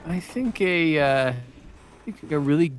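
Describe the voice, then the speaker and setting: A man, a voice actor and a father, chatting casually as a podcast guest, pausing often with fillers and restarts. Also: fairly high pitch, animated. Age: adult with young children. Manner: hesitant, many fillers and restarts.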